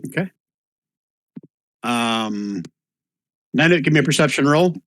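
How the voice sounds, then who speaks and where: A man running an online tabletop game as game master, relaxed and halting, with plenty of fillers, on a computer mic. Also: mid-range voice, no echo. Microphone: computer mic on an online call.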